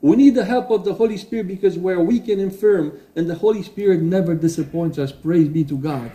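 A man preaching a sermon in a church, earnest and halting, with restarts and fillers, reading quotations aloud with emphasis. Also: high-pitched, warm tone. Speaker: pastor. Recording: roomy echo.

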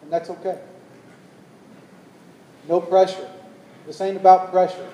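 A man preaching a sermon as pastor, telling a story and building to loud, emphatic calls to the congregation. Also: high voice, steady tone, unhurried, far from the mic. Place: church hall. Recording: echoey hall, long reverb.

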